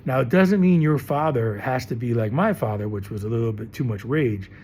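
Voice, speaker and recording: Emphatic, lively-voiced middle-aged man. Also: mid-range voice, a little fast, a little hiss or hum. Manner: emphatic, rambling, repeats himself. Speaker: teacher. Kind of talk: impassioned monologue to camera.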